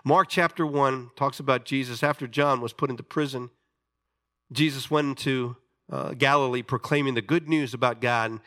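A man preaching a sermon, telling a story with animated delivery and questions to his listeners. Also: mid-range voice, moderate pace. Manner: animated storytelling, acting out voices, asks the audience questions.

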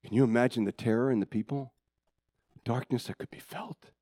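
Animated preacher man, dry close sound. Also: mid-range voice, fairly quick, dry recording. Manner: dramatic, swinging between loud excitement and hushed intensity; conversational asides to the congregation. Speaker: pastor. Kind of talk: sermon.

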